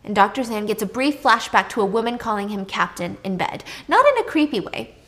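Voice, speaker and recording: A woman casually retelling a drama's plot, chatty and lively, raising her voice when she acts out the characters' lines. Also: fairly quick. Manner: chatty, acts out dialogue with raised pitch. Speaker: drama recap narrator. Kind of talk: casual storytelling recap.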